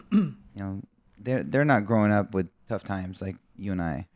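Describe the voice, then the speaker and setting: A man hosting a podcast who asks his guest questions in a relaxed, conversational way. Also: fairly low pitch, unhurried, dry recording. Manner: conversational, short affirmations. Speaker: podcast host. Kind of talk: casual interview.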